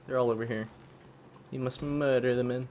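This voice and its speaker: A young man giving excitable live commentary on a video game, yelping and swapping swears for "fudge". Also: mid-range voice, moderate pace, slight background noise. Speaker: gaming channel host.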